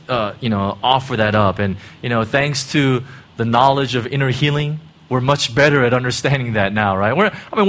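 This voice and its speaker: A man's voice: mid-range voice, fairly bright tone. A middle-aged man preaching a sermon in a conversational way, often checking in with "right?" and "you know". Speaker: pastor.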